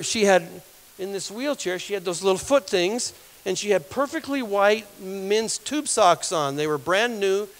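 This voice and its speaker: A male guest speaker telling a story in a church sermon, rambling, repeating words and growing animated as he goes. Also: high voice. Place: church hall. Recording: long hall reverb.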